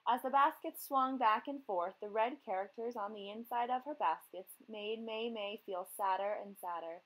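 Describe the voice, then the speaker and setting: A woman's voice: on the high side, moderate pace, fairly bright tone, poor audio. A woman teacher reading a children's story aloud expressively, then asking young readers questions.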